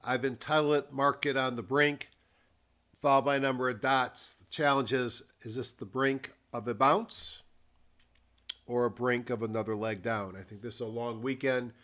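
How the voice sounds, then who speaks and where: A trader giving a weekly market review dictates commentary over a screen share, unhurried and thinking aloud with frequent ums and pauses, and he also reads a formal disclaimer. His voice is medium-pitched and a bit bright, with fairly even intonation.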